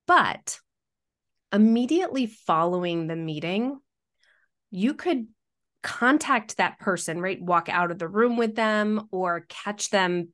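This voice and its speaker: A middle-aged woman, a workplace communication consultant, explaining practical speaking tips in a podcast interview. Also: on the low side.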